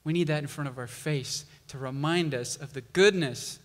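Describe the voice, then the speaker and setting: A male pastor preaching a sermon, slow and emphatic, building intensity on key lines. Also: fairly high pitch, long reverb tail.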